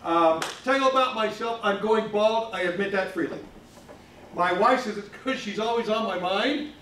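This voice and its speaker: Self-mocking comic in an echoey club. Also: male voice, sits high, moderate pace, distant mic. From Ohio. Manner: deadpan, self-mocking one-liners. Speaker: stand-up comic. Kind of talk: stand-up comedy set. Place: comedy club stage. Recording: roomy club, off-mic, clear noise.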